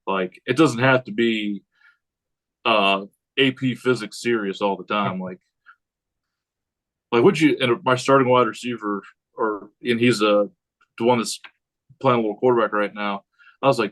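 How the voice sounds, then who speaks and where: A man who is a high school head football coach, talking casually on a podcast in a rambling way and acting out what he says to players. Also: normal speed, pauses often, rough recording. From United States. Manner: rambling, animated, acts out quotes of himself.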